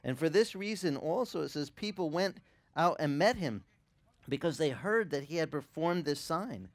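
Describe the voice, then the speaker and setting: A man's voice: fairly high pitch, normal speed, no echo. A pastor with a Hawaiian accent preaching a sermon, acting out voices and joking with his congregation. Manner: animated, acts out voices and asides to the congregation.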